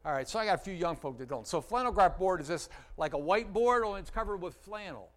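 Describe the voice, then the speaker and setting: A man preaching a sermon as a pastor, telling stories with lively emphasis, sometimes loud, sometimes dropping quiet and slow, asking the congregation questions. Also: high voice, low-quality recording. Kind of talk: sermon storytelling.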